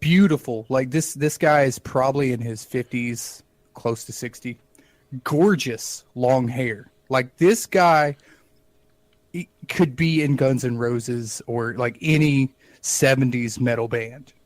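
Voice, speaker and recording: A man co-hosting a podcast, telling a comic story in a wry, animated way and acting out the dialogue. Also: mid-range voice, takes it slowly, dry recording. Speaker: podcast co-host.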